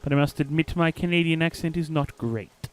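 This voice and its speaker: A man's voice: fairly high pitch, brisk, smooth. A man hosting a let's play, commenting casually and reading game text aloud in a theatrical storytelling way. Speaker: gaming channel host.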